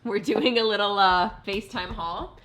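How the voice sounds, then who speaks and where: A woman's voice: medium pitch, normal speed, a bit bright. A woman chatting casually in her vlog at home, upbeat and peppering her talk with "like". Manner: chatty, upbeat, heavy use of "like". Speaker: vlogger.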